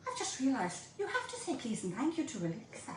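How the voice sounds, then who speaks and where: A woman's voice: high-pitched, wildly swooping pitch, quick pace, heavy reverb, distant mic, very noisy. An Irish woman teaching a home baking class, chatty and playful, talking straight to her viewers. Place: home kitchen.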